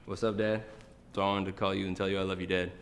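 A man's voice: sits low, level tone, fast, background noise. A young man speaking casually in an interview, offhand and joking. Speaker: street interviewee calling his dad. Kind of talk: casual chat. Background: music.

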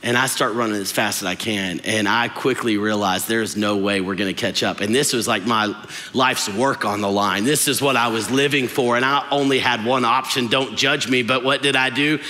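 Animated pastor preaching in a big hall. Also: male voice, mid-range voice, moderate pace. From West Texas. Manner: self-mocking, animated, jokes with the congregation. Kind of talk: sermon with humorous storytelling. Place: large church auditorium. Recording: long hall reverb in a large church.

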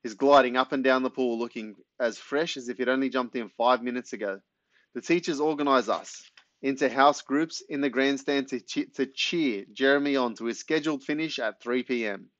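Male audiobook narrator, animated first-person read, dry slightly muffled sound, mid pitch. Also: moderate pace, no room sound. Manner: lively, animated storytelling with pitch jumps.

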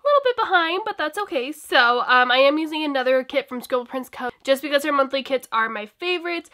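A woman's voice: on the high side, pushed and bright. A young woman with a cold, chatting casually and rambling as she decorates her planner, laughing often. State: sick with a cold. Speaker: planner vlogger. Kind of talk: casual plan-with-me chat.

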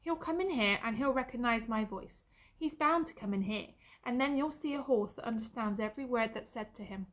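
A woman voicing a kind young soldier who talks softly and coaxingly to a horse. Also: fairly high pitch, a little fast, natural voice. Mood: gentle. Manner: soft, coaxing.

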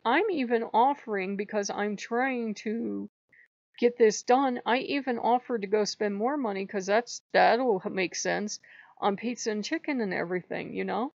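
An agitated woman rants close to the mic, her voice gravelly with fry. She is near tears, repeats herself and swears freely. The sound is dull and dry, with no room around it. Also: mid-range voice, normal speed, no room sound. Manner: upset, venting, swears often, rambling with repeats. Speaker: channel host. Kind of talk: emotional personal vlog rant.

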